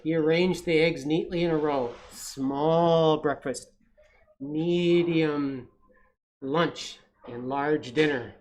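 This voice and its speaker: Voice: medium pitch, steady tone, slow, darkish tone. A storytime reader, reading a picture book aloud to children with playful asides. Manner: playful, with asides to young listeners.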